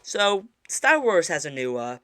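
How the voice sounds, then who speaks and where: A man's voice: on the high side, sing-song, unhurried, fairly bright tone, clear, resonant tone, dry recording. Male co-host, casual chat, frequent restarts, dry studio sound. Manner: stammering restarts, mock-serious indignation. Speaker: podcast co-host.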